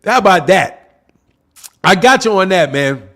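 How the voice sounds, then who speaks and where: Speaking a little slowly in a high-pitched, somewhat bright voice, this man is very animated. He hosts a boxing channel, addressing his live chat casually in slang and repeating points for emphasis.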